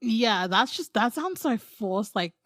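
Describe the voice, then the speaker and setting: A woman co-hosting a podcast, giggly and animated in casual comedic chat. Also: on the high side, slow pace, no room sound, studio quality. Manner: giggly, animated, laughs often. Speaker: podcast co-host.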